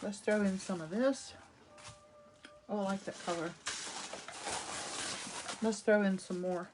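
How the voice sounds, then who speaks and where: A woman's voice: medium pitch, unhurried, pauses often, darkish tone, slight background noise. Chatty woman demonstrating a craft. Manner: chatty, enthusiastic, greets viewers by name. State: slightly hoarse from a cough drop. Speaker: art instructor. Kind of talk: casual live craft demo. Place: home art studio.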